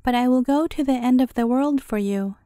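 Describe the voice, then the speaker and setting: A desperate, grieving mother pleads and bargains for her lost child in a high, mellow voice, as a woman reads her lines. The reading sounds close and dry. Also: brisk, no room sound, natural voice. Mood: sorrowful. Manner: sorrowful, pleading.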